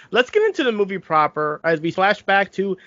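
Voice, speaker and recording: A man's voice: high voice, big pitch swings, normal speed, a bit bright, no room sound, muffled recording. A man co-hosting a podcast, casually recapping a movie plot with brief replies. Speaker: podcast co-host.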